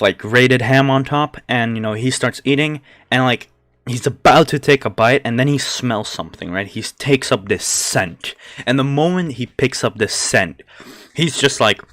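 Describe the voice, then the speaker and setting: A man hosting retells a story casually, rambling with plenty of fillers like "like" and "you know" and laughing often between lines. His voice is medium in pitch and a bit bright, at a moderate pace, in a dry, studio-quality recording.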